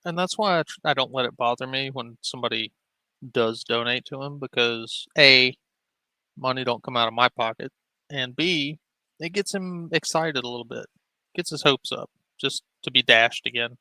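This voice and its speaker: A stream host delivers dry, mocking commentary in a casual way. His voice is bright and forward, and the sound is close and dry. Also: mid-range voice, normal speed, dry recording, rough recording. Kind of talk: casual commentary on a played clip.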